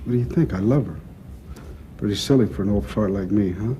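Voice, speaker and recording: An actor playing a gruff older male crime boss who talks bluntly, with profanity and dry teasing. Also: lowish voice, fairly quick, mellow, a little hiss or hum, close to an everyday voice. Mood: bantering. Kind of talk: film drama acting.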